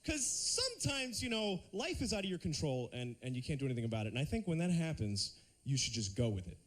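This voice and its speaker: Guy doing standup on a tv stage, high voice that jumps all over, goofy little voices. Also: fast. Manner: lively, breaks into silly put-on voices. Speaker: stand-up comedian. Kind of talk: stand-up routine. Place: TV studio stage.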